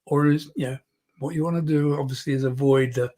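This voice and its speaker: A man's voice: fairly high pitch, fairly even intonation, fairly quick, warm tone. A man teaching public speaking in an online lesson, demonstrating shifts in volume and emphasis close to the microphone. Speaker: speaking coach. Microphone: close microphone, moves in and out.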